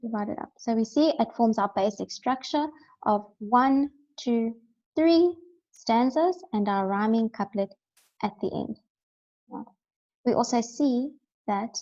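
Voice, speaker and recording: A woman's voice: on the high side, measured pace, a little mellow, highs cut off. A woman teaching a recorded lesson, explaining step by step and often checking in with "right?".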